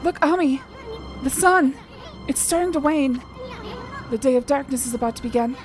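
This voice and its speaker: A woman voicing a tiny, brash male wandering artist sprite who talks quick and teasing, with game music behind. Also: sits high, lightly acted. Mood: urgent.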